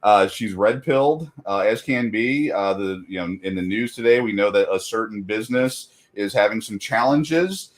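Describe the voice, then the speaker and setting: A man's voice: fairly low pitch, moderate pace, few pauses. A middle-aged man in casual chat as a guest, talking loosely with many fillers and frequent laughs.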